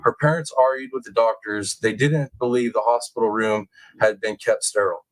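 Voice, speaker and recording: A man's voice: fairly low pitch, fairly even intonation, normal speed, poor audio. A young man hosting a live stream, reading a news report aloud and breaking off for casual, slangy, emphatic asides to his chat. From California.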